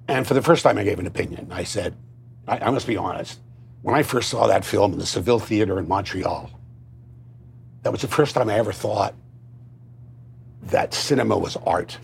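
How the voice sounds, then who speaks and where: A man with a Cockney accent telling stories at a roundtable, lively and animated, slipping into impressions. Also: on the low side, normal speed, vocal fry, pauses often, a little hiss or hum. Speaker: guest storyteller. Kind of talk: anecdotal roundtable storytelling.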